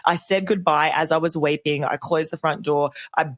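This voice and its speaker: A woman in her thirties, co-hosting a podcast and telling a story in an animated, chatty way, acting out what people said. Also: sits low, normal speed, no room sound. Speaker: podcast co-host. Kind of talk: casual storytelling chat.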